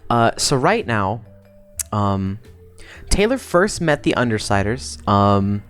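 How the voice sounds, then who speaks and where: Animated, rambling young woman streamer. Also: rumbling low, faint music behind. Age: young adult. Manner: rambling, profane, quick to laugh. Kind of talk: casual livestream chat.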